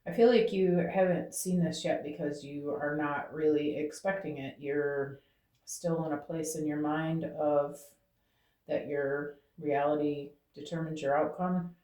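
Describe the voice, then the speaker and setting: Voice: medium pitch, steady tone, a little slow, dark tone. A tarot reader giving a channeled reading to viewers, talking aloud to Spirit and tagging phrases with "okay?". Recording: roomy echo.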